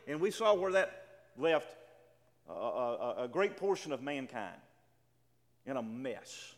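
A man's voice: high voice, expressive, normal speed, fairly bright tone. A man preaching a sermon, emphatic and full of stammering restarts, reading scripture aloud with drama. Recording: reverberant hall.

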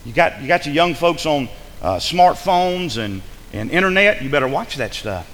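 A man preaching a sermon, lively and forceful, acting out the voices of the people he addresses. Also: a little high, moderate pace, big-room sound, low-quality recording. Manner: animated preaching, acts out imagined voices. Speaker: pastor.

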